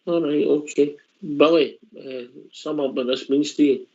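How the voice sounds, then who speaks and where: Brisk male radio host, lo-fi. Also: fairly high pitch, steady tone, warm tone. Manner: brief, hands over to guests. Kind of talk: casual radio hosting. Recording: dull lo-fi line.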